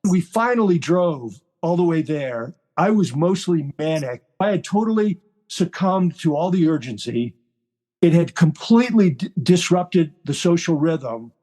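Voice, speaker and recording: A man's voice: fairly high pitch, unhurried. A retired army general in his sixties, telling a long personal story in an interview and acting out the voices of the people in it. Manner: animated, acts out quoted voices.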